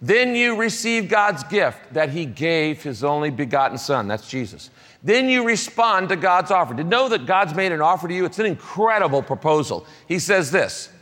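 Emphatic male pastor preaching in a reverberant hall. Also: high-pitched. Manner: emphatic, repeats key phrases, shifts between soft and raised delivery. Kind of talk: sermon.

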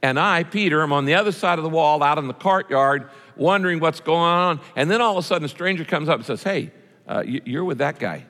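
A man's voice: fairly high pitch, fast talker, hardly any pauses, fairly bright tone. A man preaching a sermon to a congregation in a church, talking in a conversational way and putting questions to his listeners. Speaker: pastor. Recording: reverberant hall.

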